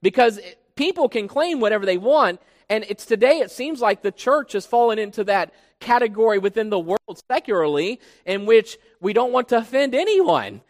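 A male pastor gives an expository sermon at normal speed with hardly any pauses, his high, lively voice swinging widely in pitch to stress each point. Emphatic and teacherly, he poses questions to listeners while a long reverb suggests a large church sanctuary.

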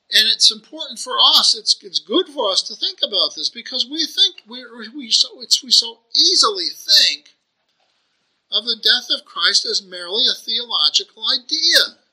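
A man's voice: high-pitched, sharp tone, rough recording. A man preaching a sermon, earnest and searching, asking rhetorical questions and often restarting his phrases.

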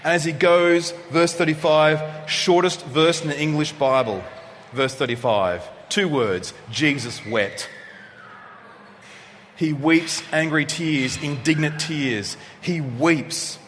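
A male pastor delivering a sermon, preaching expressively and swinging from loud passages to hushed ones. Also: on the high side, slow. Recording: long reverb of a hall, faint noise.

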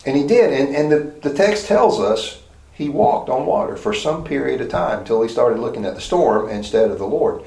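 A man teaches a Bible lesson in a relaxed, conversational way, breaking off and restarting his sentences and checking in with rhetorical questions. His voice sits at an ordinary middle pitch. The sound is roomy, with a noticeable echo around him. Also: normal speed, creaky. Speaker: preacher. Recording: roomy echoey hall.

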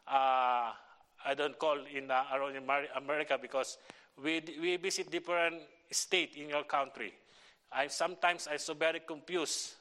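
Filipino-accented pastor, halting, bright voice. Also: male voice, a little high. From Philippines. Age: middle-aged. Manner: halting, many fillers and restarts. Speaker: visiting pastor. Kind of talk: church sermon and prayer request.

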